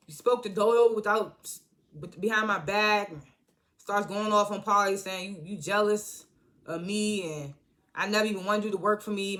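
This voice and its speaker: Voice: medium pitch, fairly bright tone. A TV reviewer giving a loose, slangy recap of an episode, acting out the characters' lines and laughing often.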